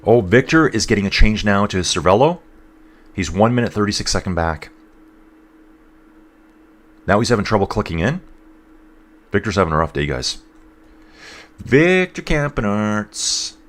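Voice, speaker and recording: A man with a very low voice talks casually through a live race, his nose a bit stuffed up. He keeps an easy, chatty flow, reading out comments from viewers as he goes. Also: lively intonation, moderate pace, long pauses.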